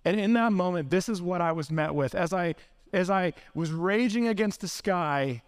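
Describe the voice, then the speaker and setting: A man's voice: sits high, normal speed, clean tone. A man preaching a sermon as pastor, earnest and impassioned, building up through long lists.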